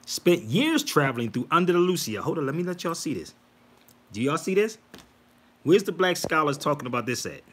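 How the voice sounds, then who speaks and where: There's a little hiss or hum behind this man's voice, which is on the high side and moderately paced. As a livestream host, he preaches animatedly and insistently, though casually, speaking straight to viewers he calls "y'all."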